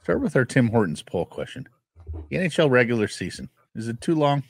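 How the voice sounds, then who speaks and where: A man from Ontario co-hosting a sports radio show, chatting briskly and telling wry stories. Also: mid-range voice, sing-song, husky, no room sound. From Ontario, Canada. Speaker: radio co-host.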